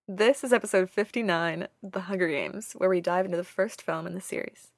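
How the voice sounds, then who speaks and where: A young woman co-hosting a casual home podcast with her father, relaxed and giggly. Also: on the low side, fairly quick, noisy background. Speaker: podcast co-host.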